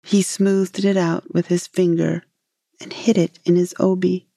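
A woman reads a storybook tale aloud in a measured, gentle manner, taking her time. Her voice is low, mellow and a little husky, recorded dry and close. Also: flat delivery, dry recording. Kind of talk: storybook reading.

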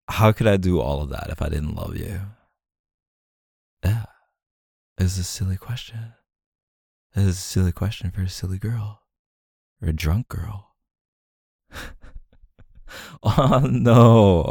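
A young man speaking to the listener as a boyfriend in a role-play, soft-spoken and coaxing, with lots of filler words. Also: low-pitched, creaky, no echo, studio quality.

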